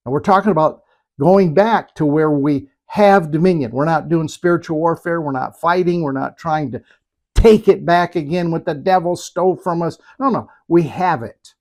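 A man's voice: on the high side, normal speed. A man preaching a sermon, emphatic, asking rhetorical questions and repeating phrases for effect. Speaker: pastor.

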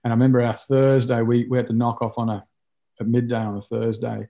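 A middle-aged Australian man with a warm, dark tone talks as an interview guest. He tells his stories in an animated way, full of restarts and fillers, and his pitch sits in the ordinary middle range. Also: fast talker, creaky. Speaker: rugby coach, guest. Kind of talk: storytelling interview answers.

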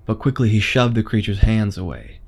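A man reading a horror story aloud in a measured, suspenseful way. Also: on the low side, big pitch swings, gravelly, husky. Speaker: narrator. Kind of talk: scripted horror narration.

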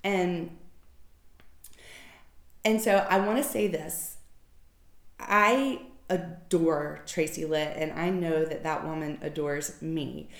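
A woman's voice: low voice, takes it slowly, pauses often. A woman candidly telling a personal story in an emotional, informal way, swearing casually. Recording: echoey room.

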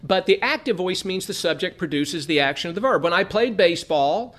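A man's voice: high-pitched, lively intonation, fairly quick, fairly bright tone. A man from Southern California teaching an earnest Bible study lesson, repeating phrases for emphasis.

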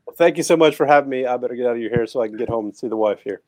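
A man's voice: mid-range voice, very fast, darkish tone, no echo. Easygoing male guest on a call. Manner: easygoing, laughs readily. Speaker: guest author. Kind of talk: casual interview chat. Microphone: video call.

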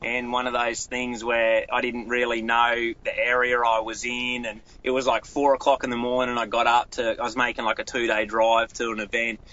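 A man's voice: medium pitch, monotone, moderate pace, hardly any pauses, bright, forceful tone, dull audio. A man with an Australian accent, a guest telling stories in a casual podcast chat, rambling with many restarts. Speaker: guest angler.

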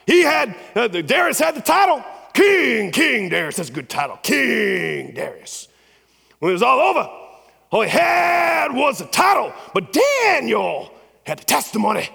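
A man putting on a fiery preacher who thunders at young graduates in a shouted, sing-song cadence. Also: very high-pitched, huge pitch swings, a little slow, gravelly, slightly rough, pitched above the performer's own voice, full character voice. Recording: long church hall reverb.

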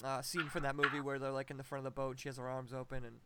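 A man's voice: mid-range voice, little pitch movement, rapid-fire, a crowd in the background. A young adult man co-hosting a podcast in casual chat, emphatic and opinionated. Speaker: podcast co-host.

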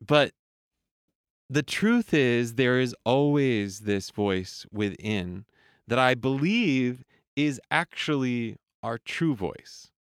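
Slow, soft-spoken man coaching. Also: medium pitch, clear, resonant tone, no echo, studio quality. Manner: slow, measured, repetitive cadence, soft on trailing phrases. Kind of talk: reflective motivational monologue.

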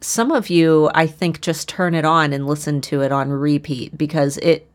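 A young woman with a Midwestern American accent, co-hosting a podcast in relaxed, chatty talk. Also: low-pitched, moderate pace. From United States. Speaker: podcast co-host. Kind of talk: casual chat.

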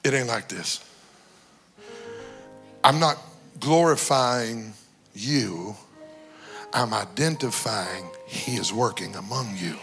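A man preaching a sermon as a guest bishop in a church, exhorting and shouting, with big swings between loud cries and quiet talk. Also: on the low side, takes it slowly, long pauses, faint music behind. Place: church sanctuary.

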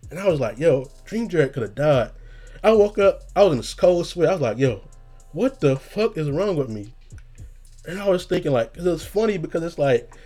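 A man's voice: mid-range voice, mellow. Young man, casual storyteller, loose and profane, laughs a lot, mid-range voice. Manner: laid-back, profane, laughs often, acts out his own lines.

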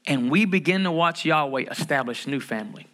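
A middle-aged pastor delivers a sermon. His voice sits high and sounds bright and forceful. He drives points home by repeating phrases and putting questions to the congregation. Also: lively intonation, brisk. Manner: emphatic preaching, repeats key phrases, asks the congregation questions.

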